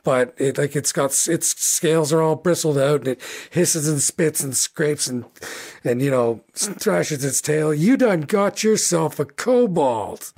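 A man's voice: fairly high pitch, unhurried, darkish tone. Rambling man running a tabletop game. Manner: rambling, many fillers. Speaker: game master.

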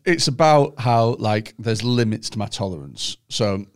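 Comedian guy hosting a podcast, clear smooth voice, keeps restarting his sentences. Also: fairly low pitch, lively intonation, measured pace. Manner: rambling, hesitant storytelling with many restarts. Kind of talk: casual chat.

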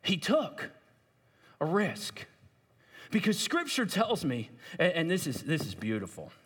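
A male preacher telling a story with animated delivery and asides to young listeners. His voice is somewhat husky and sits a touch high for a man, swinging widely in pitch. A long hall reverb surrounds him. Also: unhurried. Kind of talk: sermon.

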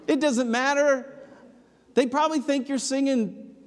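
A man delivers a sermon in a high-pitched voice. He moves between loud, emphatic lines and low, hushed ones. The sound carries a long reverb, like a large church hall. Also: steady tone, a little slow. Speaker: preacher.

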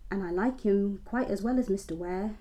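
A woman's voice: medium pitch, normal speed, mellow, close to an everyday voice. A woman reading a novel aloud and voicing a simple, innocent young woman with a West Country accent, in a naive, placid manner. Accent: West Country English. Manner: naive, placid, matter-of-fact.

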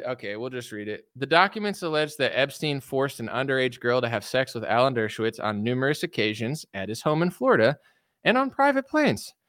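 Casting note: male commentator, sarcastic and blunt, lively up-and-down delivery, dry close sound. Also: on the high side, no room sound. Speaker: political commentator. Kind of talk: casual opinion rant.

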